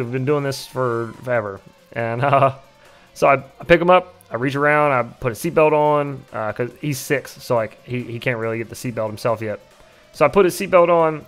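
A man in his thirties hosting a casual livestream, telling a story with laughs and swearing. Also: medium pitch. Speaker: livestream host.

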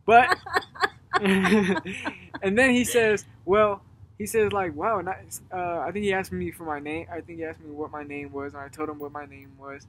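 Young guy rambling thru a story outside, voice a bit high, faint noise behind. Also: normal speed. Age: young adult. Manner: rambling storyteller, animated when retelling. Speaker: guest. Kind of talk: casual chat. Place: outdoors at dusk.

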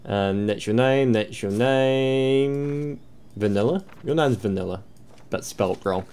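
A man's voice: mid-range voice, takes it slowly, darkish tone, clean tone. A man thinking aloud and swearing as he comments on his own game play, sarcastic and crude. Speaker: let's play host. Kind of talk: gameplay commentary.

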